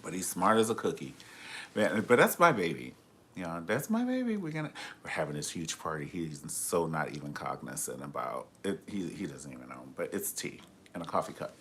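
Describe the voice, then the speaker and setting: Flamboyant guy on a live stream, sassy and cussing, voice swoops all over, kinda low. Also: fairly bright tone, slight background noise. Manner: sassy, flamboyant, keeps saying honey; profane, gossipy storytelling. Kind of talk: casual live-stream chat.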